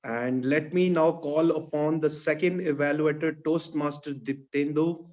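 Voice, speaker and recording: A man's voice: on the high side, a little mellow, dull audio. A man acting as general evaluator, introducing the next speaker with formal titles. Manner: ceremonious, uses titles. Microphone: video call.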